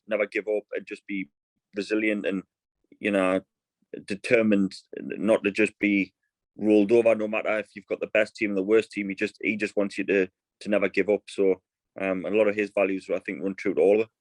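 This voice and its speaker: Guy in his 30s, low voice, dry sound, rambly chatty storyteller. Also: flat delivery, a little fast, no echo, low-quality recording. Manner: chatty storyteller, many restarts. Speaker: guest, fast bowler. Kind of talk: casual podcast chat.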